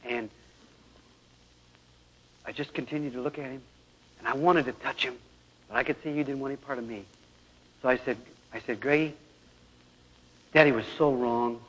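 A man's voice: mid-range voice, steady tone, moderate pace, pauses often, fairly bright tone, breathy edge. A middle-aged man preaching a sermon and telling a story from his own family, acting out voices as he goes. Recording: old lo-fi tape in a large hall.

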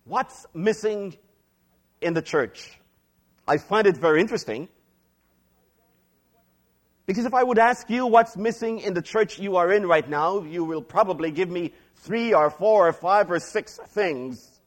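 A middle-aged man preaching a sermon as a pastor, reading scripture slowly and aloud, then praying and teaching. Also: animated. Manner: reads scripture slowly, varies pitch widely.

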